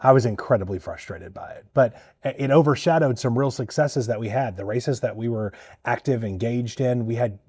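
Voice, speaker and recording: A man serving as a state party chair, talking candidly and bluntly in a political interview, with a husky voice. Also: medium pitch, a little fast, few pauses, darkish tone, dry recording, studio quality. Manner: candid, blunt, mildly profane.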